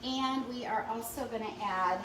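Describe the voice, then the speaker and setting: A woman's voice: fairly high pitch, moderate pace, reverberant, recorded from a distance, noisy background. A woman giving a chatty step-by-step cooking demonstration in a kitchen. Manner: chatty step-by-step instructions with fillers.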